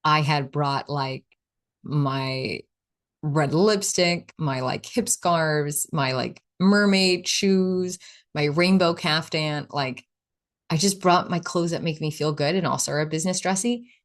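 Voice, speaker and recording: A woman's voice: deep voice, slow pace. A woman hosting a solo podcast, chatting in a casual, reflective way and often saying "like". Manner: chatty, lots of "like", acts out quoted inner voices. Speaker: podcast host.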